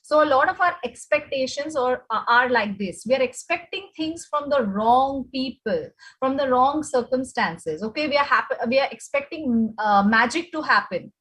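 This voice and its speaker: A woman's voice: high-pitched, expressive, moderate pace, hardly any pauses, fairly bright tone, slightly rough, low-quality recording. A woman with an Indian English accent giving a conversational classroom lecture, often checking in with "okay?". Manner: conversational, asks the audience, frequent "okay?".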